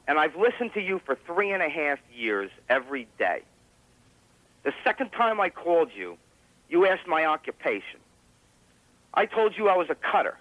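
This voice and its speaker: Male caller, aggrieved accusation, dry close sound, lively pitch. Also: no echo, rough recording.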